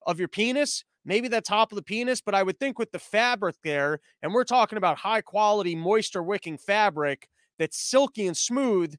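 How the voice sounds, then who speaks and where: High-voiced profane rambling man. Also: animated, moderate pace, hardly any pauses, fairly bright tone, dry recording. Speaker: podcast host. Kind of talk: casual monologue.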